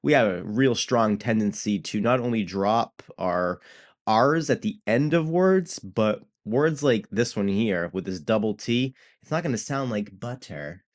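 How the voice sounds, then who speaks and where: Relaxed American man teaching Portuguese. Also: lowish voice, a little slow. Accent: American English with a light New England tinge. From New England, United States. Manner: relaxed and chatty, with frequent ums and self-deprecating asides. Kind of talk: casual language lesson.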